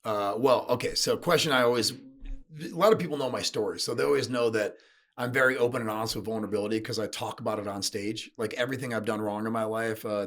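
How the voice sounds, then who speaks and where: A man's voice: fairly low pitch, a bit bright. A middle-aged man from the USA, a sales and leadership speaker, telling candid stories in an interview, blunt and emotional, swearing casually.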